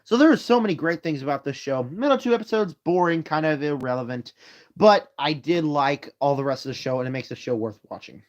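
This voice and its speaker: A man's voice: a little high, animated, fairly quick, dull audio. A man casually chatting on a live stream at home, ranking movies in a tired, rambling way with yawns. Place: home room. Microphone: phone.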